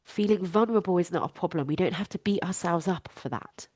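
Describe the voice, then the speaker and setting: A woman's voice: fairly low pitch, quick pace, darkish tone, no echo, studio quality. A woman, a life coach hosting her own podcast, talking candidly and emphatically, swearing freely.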